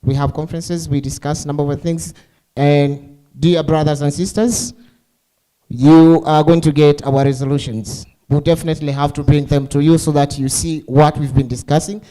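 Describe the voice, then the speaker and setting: A man's voice: fairly high pitch, fairly even intonation, moderate pace, warm tone, smooth, poor audio. A man emceeing a ceremony, playful and teasing, throwing questions at the crowd. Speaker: master of ceremonies. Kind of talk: joking emcee banter.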